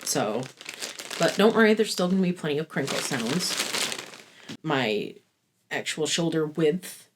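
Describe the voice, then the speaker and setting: A woman's voice: sits low, expressive, unhurried, pauses often, noisy background. A woman in her thirties chatting through a casual review vlog, candid, rambling and self-deprecating, with frequent swearing. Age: 30s. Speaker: fashion vlogger.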